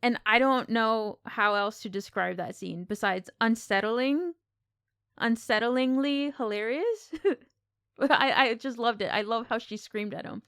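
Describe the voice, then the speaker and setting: A woman co-hosting a casual film podcast, talking in an animated, exclamatory way. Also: on the high side, a little slow, smooth, no echo, studio quality. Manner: animated, exclamatory, acts out quotes. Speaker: podcast co-host.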